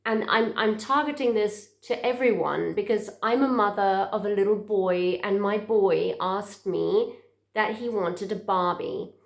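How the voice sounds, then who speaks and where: A woman speaks earnestly to camera as a therapist, in a middle-pitched voice. She talks in a heartfelt way and restarts and repeats words as she searches for them. The room around her is echoey. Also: a little slow, creaky.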